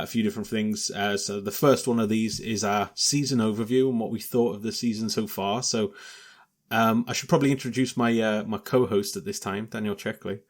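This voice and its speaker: Chill guy hosting a podcast, lots of ums and uhs, casual chat. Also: lowish voice. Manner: relaxed, hesitant with fillers. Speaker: podcast host.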